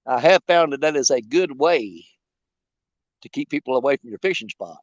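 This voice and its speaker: A fishing vlogger with an animated, mid-range voice jokes and rambles folksily on a livestream from a riverbank. He speaks at a moderate pace, and the lo-fi audio has no echo.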